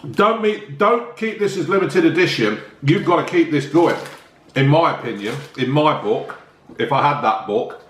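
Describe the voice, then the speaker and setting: A man's voice: a little high, animated, moderate pace, echoey room. A man, chatting enthusiastically as a casual food review vlogger, often talking while eating.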